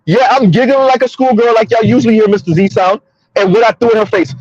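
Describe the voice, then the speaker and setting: High-voiced man ranting while driving. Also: steady tone, fast talker, darkish tone, dry recording, highs cut off. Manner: emphatic, repetitive, addresses listeners as y'all. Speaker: commentary host. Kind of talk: casual commentary monologue. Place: in a car on the road.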